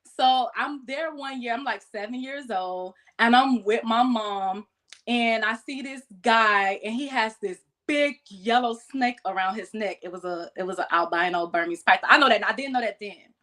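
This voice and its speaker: A woman, a podcast guest casually telling animated stories about keeping exotic pets and acting out quoted voices. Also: a little high, normal speed. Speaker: guest, exotic pet keeper. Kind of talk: casual storytelling chat.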